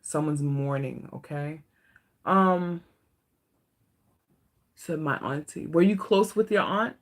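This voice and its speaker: A woman doing a live stream tarot reading, speaking to viewers in a gentle, emotional, comforting way that turns tearful at times. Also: deep voice, takes it slowly. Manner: emotional, comforting, talks to chat. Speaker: tarot reader.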